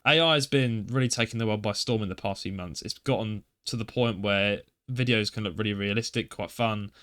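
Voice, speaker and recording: A man's voice: on the low side, fairly quick, fairly bright tone, clear, resonant tone. A man co-hosting a podcast in casual chat, rambling with fillers and restarts, sometimes reading news aloud. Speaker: podcast co-host.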